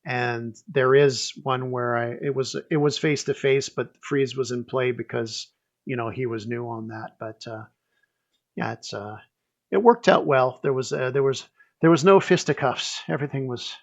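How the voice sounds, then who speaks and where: A man's voice: mid-range voice, unhurried, highs cut off. A man hosting a casual podcast chat, joking and rambling as he goes. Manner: jokey, rambling, self-interrupting. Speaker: podcast host.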